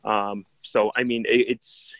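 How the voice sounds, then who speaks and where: A man's voice: fairly low pitch, flat delivery, slow pace, fairly bright tone, dry recording. A man co-hosting a casual football podcast, giving his views hesitantly with many ums and you-knows. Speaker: podcast co-host. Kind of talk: casual chat. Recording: dry, dull lo-fi line.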